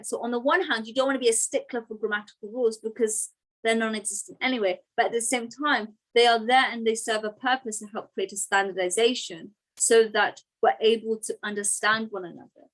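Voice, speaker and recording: A woman teaches a grammar lesson in a fairly high voice. She breaks ideas down patiently and keeps checking in with quick "right?" and "okay" asides. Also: a bit bright, low-quality recording.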